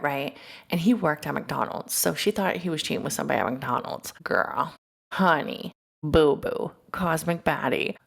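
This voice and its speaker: Gravelly-voiced woman telling a story. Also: deep voice. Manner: animated, profane, chatty with slang asides. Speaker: podcast host. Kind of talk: casual storytelling.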